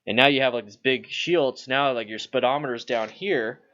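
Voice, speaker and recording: A man's voice: mid-range voice, a little fast, bright, forceful tone, no room sound. Man, streamer, casual chat, slightly muffled, dry sound. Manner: chatty, loose, reads viewer questions aloud. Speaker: motorcycle channel host. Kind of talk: casual livestream Q&A.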